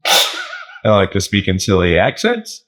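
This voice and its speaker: Lively, laughing man on a podcast. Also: deep voice, measured pace. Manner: animated, laughs often, slips into joke accents. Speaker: podcast co-host. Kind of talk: casual chat.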